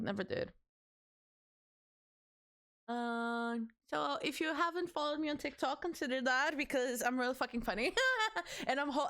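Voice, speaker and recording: A young woman streamer chatting casually with her viewers, excitable and teasing, swearing freely and laughing often. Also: sits high. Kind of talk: casual livestream chat with viewers.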